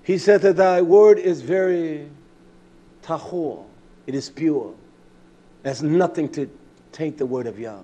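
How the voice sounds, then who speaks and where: A man preaching a sermon with fervent delivery that moves between shouts and quieter stretches, breaking in with repeated hallelujahs. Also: on the high side, slow pace, pauses often, slightly rough. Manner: fervent, rising to shouts, then quieter and reflective.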